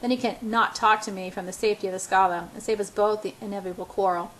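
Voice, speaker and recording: A woman's voice: mid-range voice, fairly even intonation, fast talker, fairly bright tone, low-quality recording. A woman reading a first-person novel aloud, often stumbling and restarting words. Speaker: audiobook reader.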